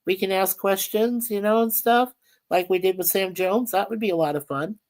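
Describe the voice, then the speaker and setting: A woman's voice: mid-range voice, moderate pace, a little mellow. A woman hosting a casual livestream chat, rambling and reading viewer comments aloud. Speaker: livestream host.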